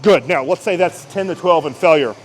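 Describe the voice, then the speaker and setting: Energetic man coaching a workout. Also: a little high, a little fast, slight background noise, poor audio. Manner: energetic, talks while lifting and straining. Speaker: fitness coach. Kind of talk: casual exercise demonstration.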